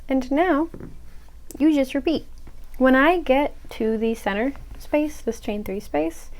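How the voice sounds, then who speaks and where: A woman's voice: sits high, slow, a little mellow, rough recording. Chatty woman teaching crochet. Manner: chatty, self-mocking asides, drops to a whisper when muttering to herself. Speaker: crochet tutorial host. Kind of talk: casual step-by-step tutorial.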